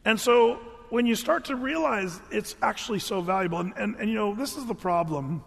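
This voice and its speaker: An earnest preacher with a fairly high voice delivers a conversational sermon, often stumbling and restarting his words. His voice carries a long reverb from a large hall. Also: moderate pace, vocal fry, a bit bright.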